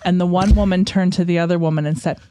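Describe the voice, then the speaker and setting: A woman's voice: fairly low pitch, steady tone, quick pace, noisy background. A woman from western Pennsylvania, a guest on a talk show, chatting and telling stories. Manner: chatty, tells stories with quoted voices. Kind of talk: casual storytelling chat.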